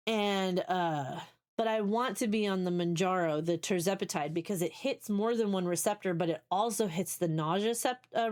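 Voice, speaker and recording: A woman in her forties chatting casually on a live stream, candid and rambling as she thinks aloud, with many restarts. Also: on the low side. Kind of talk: casual chat.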